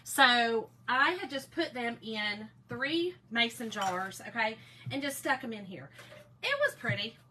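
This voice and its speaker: Woman, craft livestream host, excitable chatter, bright voice, slightly high. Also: unhurried, a little hiss or hum. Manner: chatty, greets viewers by name, excitable. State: one ear still muffled. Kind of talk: casual live-stream chat.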